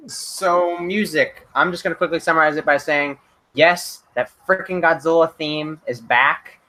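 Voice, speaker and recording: A man hosting a casual fan discussion stream, excitable and often stammering into restarts. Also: on the high side, a little slow. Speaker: channel host.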